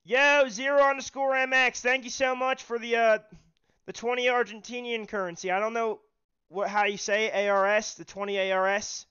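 A man hosting a call-in livestream, talking in a halting way and often repeating himself. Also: extremely high pitch, flat delivery, bright, forceful tone, smooth, highs cut off. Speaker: livestream host taking callers.

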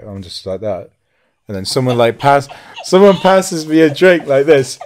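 A man hosting a podcast, telling a story in a relaxed way with frequent laughs. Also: medium pitch, moderate pace. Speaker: podcast host. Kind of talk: casual podcast chat.

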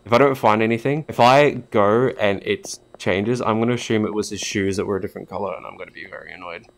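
Low-voiced man joking through a game. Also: quick pace, gravelly. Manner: jokey, swears, talks to game characters. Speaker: gaming YouTuber. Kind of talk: let's play commentary.

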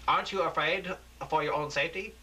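An anxious female TV anchor in a homemade radio play, urgent and pleading, as a man raises his voice to play her. The tone is bright and sharp. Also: fairly high pitch, brisk, voice pushed up, poor audio. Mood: questioning.

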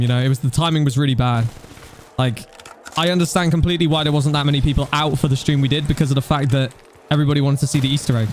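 A young man streaming a game, chatting casually and thanking donors, getting excited at times. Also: a little high, slight background noise. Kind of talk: casual live-stream chat.

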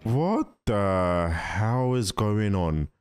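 A man hosting a casual movie reaction, chatty and excitable, talking straight to the characters on screen. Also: fairly low pitch, extremely slow, faint music behind. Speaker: reaction video host.

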